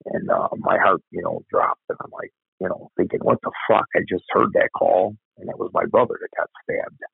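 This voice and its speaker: A man's voice: low voice, sing-song, normal speed, creaky, breathy edge, no echo. An older man, a former cop telling a story bluntly, with some swearing. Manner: blunt, profane. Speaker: retired police officer. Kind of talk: storytelling interview. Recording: tinny phone-like line.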